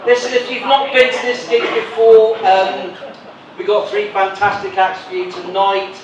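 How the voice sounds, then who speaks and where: A man's voice: high-pitched, little pitch movement, normal speed, dull audio. A male comedy club host doing teasing crowd work at a live venue, with flu. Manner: cheeky, teasing banter with the audience. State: has flu. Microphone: stage microphone. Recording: echoey venue from far off, noisy.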